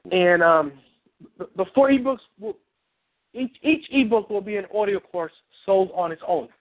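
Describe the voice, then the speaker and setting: A man coaching on a phone call, animated and rambling, acting out little scenes. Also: sits high, moderate pace. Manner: animated, rambling, acts out quotes. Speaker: relationship coach. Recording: tinny phone line.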